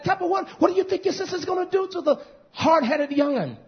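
A middle-aged man preaching a fiery sermon, scolding, dropping to low mutters and whispers, then rising into loud outbursts. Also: lively intonation, fairly quick. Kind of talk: fiery street-style sermon. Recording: muffled lo-fi recording.

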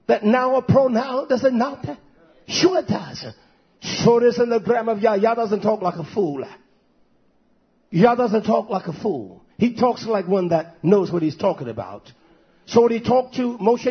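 High-voiced husky preacher, emphatic questions. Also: male voice, animated, normal speed, dull audio. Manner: rhetorical questions, repetitive, emphatic. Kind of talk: sermon.

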